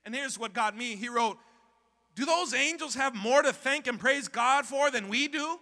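A man's voice: very high voice, normal speed, bright, forceful tone, long reverb tail. A man preaching a sermon as pastor in a church sanctuary, impassioned and repetitive, calling out to the congregation.

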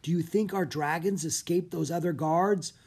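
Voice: medium pitch, normal speed, darkish tone, breathy edge, voice pushed up. A reader voicing an eager, brave young boy who rides a dragon, earnest and urgent.

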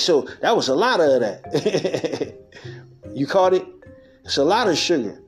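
A man with a slightly high voice talks in a loose, street-talking monologue on spiritual matters. He laughs often and acts out quotes. Soft music runs under him. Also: big pitch swings, slow pace. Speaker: podcast host.

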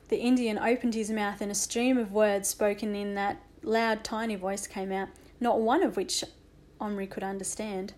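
A woman narrating a children's audiobook with a lively, expressive reading. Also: medium pitch, normal speed.

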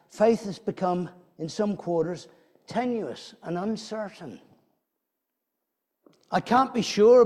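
A man with a fairly high voice delivers a sermon in a church. He talks in a conversational way, puts rhetorical questions to his listeners and often restarts his phrases. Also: darkish tone. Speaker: preacher.

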